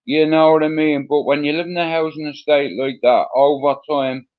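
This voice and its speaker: A man's voice: a little high, steady tone, normal speed. A middle-aged man from Ireland with a Dublin accent, a guest telling his story in a rambling, casual way, full of fillers and swearing. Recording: dull lo-fi sound.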